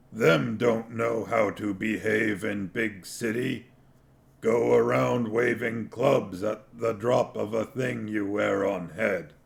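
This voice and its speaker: A man reading aloud, voicing a slow, dim but stubborn male troll watchman with heavy broken grammar. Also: on the low side, vocal fry, full character voice.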